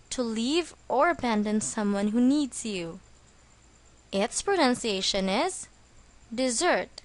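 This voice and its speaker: Slow, clear-spoken woman teaching English. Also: a little high. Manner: slow, careful, stressing syllables. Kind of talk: scripted vocabulary lesson.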